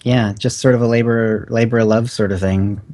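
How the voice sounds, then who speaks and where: A man's voice: medium pitch, steady tone, fairly quick, a little mellow. A man guesting on a podcast interview, talking in a rambling, hesitant way full of fillers and easy laughs. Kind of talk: casual interview.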